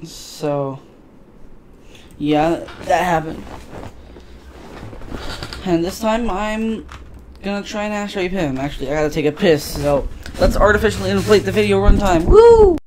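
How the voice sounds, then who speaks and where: A man's voice: sits high, unhurried, pauses often, slight background noise. A man casually commentating a video game, crude and profane, loosely recapping the story as he plays. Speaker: let's play gamer.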